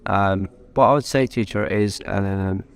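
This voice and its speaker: A man's voice: fairly low pitch, measured pace, creaky, smooth. A young man with a London accent, a guest English teacher talking enthusiastically in a casual interview, with lots of fillers. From Algeria. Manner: warm, enthusiastic, many fillers.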